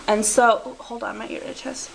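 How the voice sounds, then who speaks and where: A woman's voice: fairly high pitch, steady tone, normal speed, creaky, slight background noise, low-quality recording. A woman telling a comedic story to camera, rambling, interrupting herself and giggling as she loses track. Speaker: vlogger.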